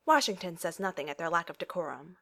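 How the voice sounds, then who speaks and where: A woman with a lower voice reads a story aloud, her pitch rising and falling with plenty of life. She tells it expressively, shifting into small character voices for the quoted lines. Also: big pitch swings, fast, creaky, a crowd in the background. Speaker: narrator. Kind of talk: reading fan fiction aloud.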